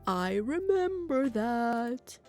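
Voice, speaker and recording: A woman voicing an exhausted young man, a hungry cannibal housemate, who speaks slowly and drowsily while she reads game dialogue aloud. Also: fairly high pitch, big pitch swings, a little mellow, faint music behind, heavily acted. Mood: worn out. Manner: slow, drowsy, mumbling.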